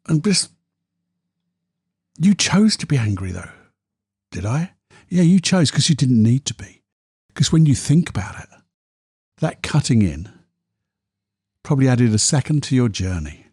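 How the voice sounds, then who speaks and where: A man's voice: mid-range voice, very animated, a little slow, pauses often, darkish tone, breathy edge, no echo, studio quality. A man hosting a solo podcast, telling candid, self-deprecating stories. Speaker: podcast host.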